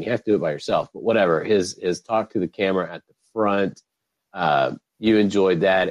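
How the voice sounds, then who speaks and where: Animated, low-voiced podcast man. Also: no room sound, muffled recording. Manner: animated, swearing, laughs often. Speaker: podcast host. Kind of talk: casual chat.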